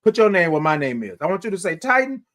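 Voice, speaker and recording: A man's voice: high voice, sing-song, quick pace, a bit bright. A man hosting a morning livestream in a casual, exuberant way, reading out chat comments and sometimes singing his greetings.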